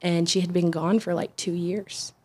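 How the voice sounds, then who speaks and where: A woman, an interview guest telling a story casually, animated, with restarts and acted-out quotes. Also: lowish voice, normal speed, husky.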